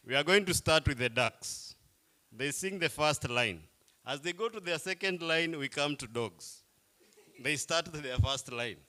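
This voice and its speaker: A man's voice: on the high side, bright, forceful tone. A man, playfully coaxing a crowd as he leads a group icebreaker game at a live event. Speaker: workshop facilitator.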